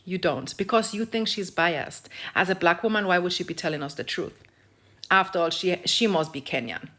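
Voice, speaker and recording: A woman's voice: on the low side, moderate pace, fairly bright tone. A young African woman ranting in a blunt, profane vlog of social commentary, lecturing and repeating phrases for emphasis. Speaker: video creator.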